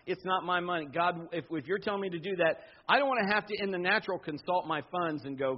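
A middle-aged man pastor preaching a sermon, telling personal stories with animated asides and quoted voices. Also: high-pitched, fast, few pauses. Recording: dull lo-fi sound.

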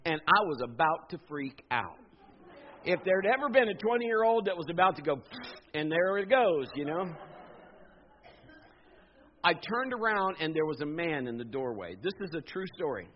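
A man in his fifties preaching a sermon, telling a personal story in an animated, jokey way and acting out the voices. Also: a little high, moderate pace, long pauses, slight background noise. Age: 50s. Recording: dull lo-fi sound.

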